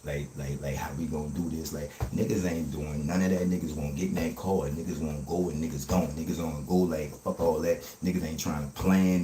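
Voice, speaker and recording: Fast-talking New man, very deep. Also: roomy sound, background noise. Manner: fast-talking, streetwise, keeps saying "you heard me". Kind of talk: casual livestream talk.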